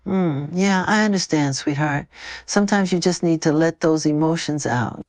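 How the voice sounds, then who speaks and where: A synthetic voice with a woman's timbre, playing a gentle adult male pop star who comforts a fan in an AI chat role-play, speaking softly and affectionately. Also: sits low, moderate pace, no echo, close to an everyday voice. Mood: soothing. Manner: soft, soothing, affectionate speech.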